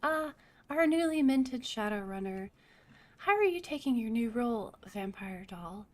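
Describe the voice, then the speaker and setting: A poised crime boss lady in a cyberpunk game, sweet and courteous on the surface, speaking in measured tones. A woman reads her lines aloud. The voice sits a little high. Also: expressive. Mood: gracious. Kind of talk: reading game dialogue aloud.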